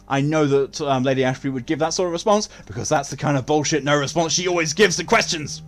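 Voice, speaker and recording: A man's voice: fairly high pitch, very animated, fast, hardly any pauses, faint music behind. A man streaming a video game, chatting casually with his viewers, joking, swearing freely and laughing often. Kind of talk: casual gaming stream chat.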